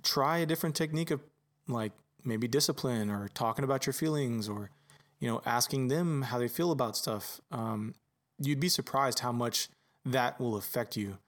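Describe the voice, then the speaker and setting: A man chatting casually on a podcast about fatherhood. He tells stories loosely, acting out little bits of dialogue and dropping the odd swear word, in an easy voice of middle pitch. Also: normal speed. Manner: relaxed storyteller, swears casually, acts out dialogue. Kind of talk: casual chat.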